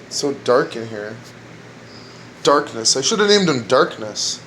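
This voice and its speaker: A man trying out crude stand-up jokes at home, rambling, restarting lines and laughing at his own punchlines in a dark room. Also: mid-range voice, sing-song, a little slow, pauses often, a little hiss or hum. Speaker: amateur comedian trying out jokes. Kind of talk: casual joke-telling at home.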